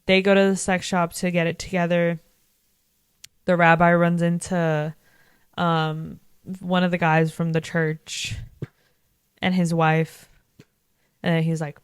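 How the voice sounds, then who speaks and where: A woman's voice: lowish voice, flat delivery, unhurried, long pauses, clear, resonant tone, dry recording. A young woman in her twenties casually recapping a TV episode, chatty and full of fillers, swearing freely. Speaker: vlogger.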